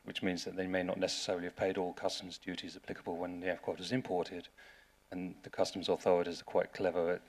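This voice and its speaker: A man with an English accent giving a conference talk in a dry, wry way, often restarting his sentences. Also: sits low. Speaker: lawyer giving a seminar talk. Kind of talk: conference presentation.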